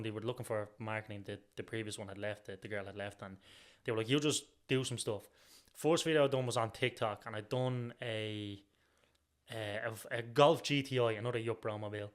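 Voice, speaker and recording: Fast-talking Dublin man. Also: medium pitch. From Ireland. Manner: swears freely, animated storytelling. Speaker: guest, car sales marketer. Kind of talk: casual podcast chat.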